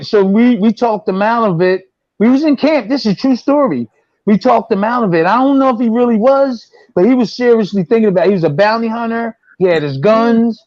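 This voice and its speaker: Former boxer in his 60s, high-pitched, rambling storyteller, dry lo-fi. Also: a little mellow, dry recording. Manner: rambling, repeats himself, acts out quotes. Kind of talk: casual storytelling. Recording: dull, dry lo-fi sound.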